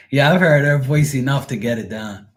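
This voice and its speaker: Joking, laughing tarot reader, a man. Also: medium pitch. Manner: laughs often, profane, joking. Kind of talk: casual livestream chat.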